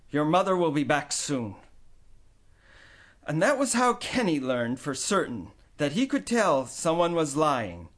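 A man narrating a storybook in an expressive storytelling manner. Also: a little high. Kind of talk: scripted audiobook narration.

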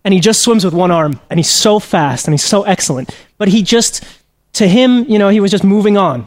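A man's voice: high-pitched, brisk, no echo. A man being interviewed as a journalism trainer, telling a story earnestly with frequent restarts.

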